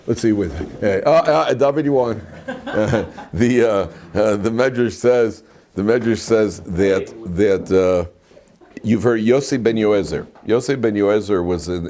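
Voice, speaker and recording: A man's voice: fairly low pitch, dark tone. An older man, a rabbi, giving an informal class in a classroom, talking conversationally with restarts and side remarks. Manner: conversational and digressive, with frequent restarts and asides. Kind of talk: informal Torah lecture. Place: classroom with students.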